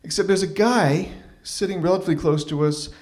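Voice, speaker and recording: A man's voice: sits high, brisk, darkish tone. A man performing a live open mic story, wry and self-deprecating, with stumbling restarts, into a stage microphone. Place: small arts venue stage.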